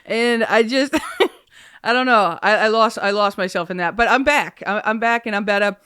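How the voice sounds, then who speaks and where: A podcast host speaks at medium pitch and normal speed, her tone smooth, a bit bright and free of echo on a close studio mic. Chatting casually on her own, she rambles through stories, using many fillers and laughing frequently.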